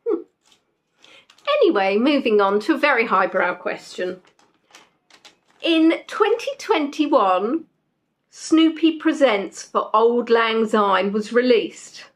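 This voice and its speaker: Quiz host: young woman, chatty and playful, voice sitting a little high. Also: sing-song, slow, long pauses. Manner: chatty, reads out answers, jokes with players. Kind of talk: casual live quiz chat.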